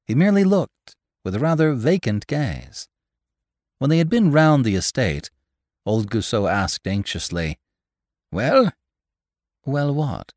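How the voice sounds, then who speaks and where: A man narrating a classic story in an expressive, scripted reading. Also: medium pitch, measured pace, no room sound, clean studio sound. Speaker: podcast narrator.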